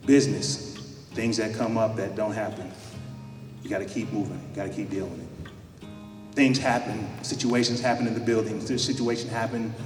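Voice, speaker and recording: A man, a former pro basketball player, speaking as a guest to an audience, telling stories in an animated way and repeating phrases for emphasis. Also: lowish voice. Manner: animated, acts out quoted dialogue, repeats phrases. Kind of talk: storytelling talk to an audience. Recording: echoey hall, speaker far from mic.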